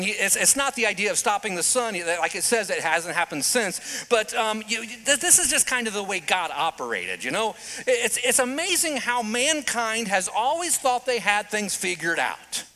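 Male preacher, lively sermon storyteller, bright voice that swings all over. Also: high voice. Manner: animated storytelling, dramatic pauses.

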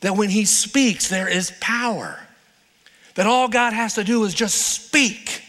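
A man's voice: high-pitched, slow, a bit bright, long reverb tail. A male pastor preaching a sermon in a playful, conversational storytelling manner.

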